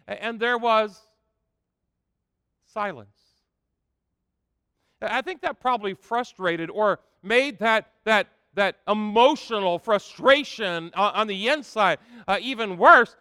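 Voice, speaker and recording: A man's voice: high voice, a little slow, bright, forceful tone, clean tone, no room sound, clean studio sound, big-room sound. A man preaching a sermon, reading scripture aloud with rising emphasis and frequent "uh" fillers. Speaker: pastor.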